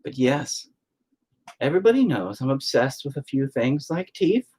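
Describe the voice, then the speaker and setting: A man's voice: medium pitch, big pitch swings, normal speed, darkish tone, breathy edge. A man hosting a painting livestream from home, talking in a rambling, sarcastic, self-mocking way with plenty of swearing. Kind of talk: casual chat while painting.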